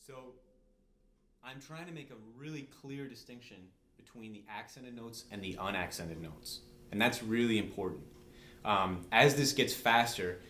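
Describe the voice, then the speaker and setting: A man's voice: lowish voice, a bit bright, a little hiss or hum. A man teaching drums step by step in a patient, conversational way, often checking in with "okay?". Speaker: drum teacher. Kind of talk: step-by-step instructional demonstration. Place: room with a drum set. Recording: echoey room.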